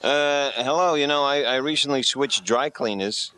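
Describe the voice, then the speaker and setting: A man's voice: mid-range voice, normal speed, pushed and bright, close to an everyday voice. An actor voicing a wisecracking male bar regular who stammers in a wry way.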